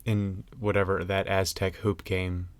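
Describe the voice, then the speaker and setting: A man's voice: low voice, level tone, unhurried, clean tone, no echo. Joking young man on a dry close mic. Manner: joking, rambling, laughs often. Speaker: podcast co-host. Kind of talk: casual chat.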